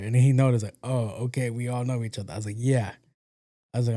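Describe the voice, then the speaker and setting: A man's voice: mid-range voice, fast talker, dry recording, clean studio sound. A man hosting a podcast, telling a story casually, acting out the lines of people in it, with some swearing. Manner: animated, acts out quotes, profane. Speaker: podcast host.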